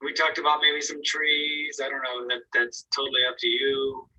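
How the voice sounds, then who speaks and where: A man's voice: mid-range voice, completely flat delivery, normal speed, pushed and bright, recorded from a distance, rough recording. A man teaching an online painting class, giving casual, encouraging critiques of students' work and thinking aloud as he goes. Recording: voice from away from the mic.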